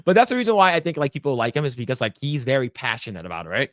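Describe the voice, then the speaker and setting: A man hosting a casual podcast chat, swearing freely and acting out quotes in a loud, high voice. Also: racing, dry recording, studio quality. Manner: animated, profane, acts out quotes in a loud high voice. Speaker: podcast host.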